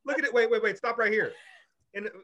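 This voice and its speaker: A man co-hosting a podcast over a video call, hyping up his friends in an animated way. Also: sits high, quick pace, dull audio, heavy background noise. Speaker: podcast co-host. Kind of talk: casual group chat.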